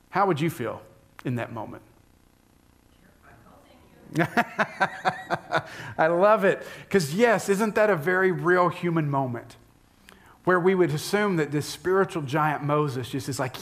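Man, pastor, sermon, conversational, fairly high voice, asks the room questions. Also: lively intonation, takes it slowly, pauses often, a bit bright.

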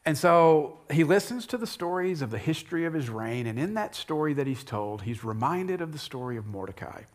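A pastor giving a sermon, retelling a story in an animated, conversational way with asides to the congregation. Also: male voice, on the high side, brisk, few pauses.

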